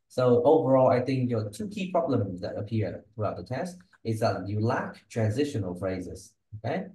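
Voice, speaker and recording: A man's voice: medium pitch, big pitch swings, moderate pace, warm tone, a little hiss or hum. A man tutoring a student one-on-one on English speaking, giving pronunciation feedback and checking in often with "yeah?" and "okay?". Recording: echoey room.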